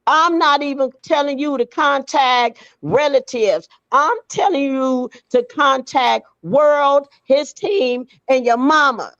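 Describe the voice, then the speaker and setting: A woman's voice: sits high, slow, few pauses, fairly bright tone, no echo, muffled recording. A woman speaking as a mother to her grown daughter, blunt and profane, pleading and scolding by turns. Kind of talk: emotional direct address.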